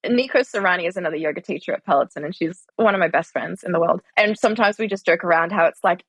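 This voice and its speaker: Woman, yoga teacher, podcast guest, earnest, heartfelt, middle pitch, dry close sound. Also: quick pace, few pauses, fairly bright tone, dry recording. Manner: earnest, heartfelt, frequent "like" fillers, laughs easily. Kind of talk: reflective interview conversation.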